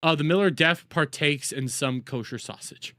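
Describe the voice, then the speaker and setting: A man's voice: fairly high pitch, normal speed, bright, forceful tone, no echo, studio quality. A man doing crude, sarcastic reaction commentary as a streamer, mocking the people he watches.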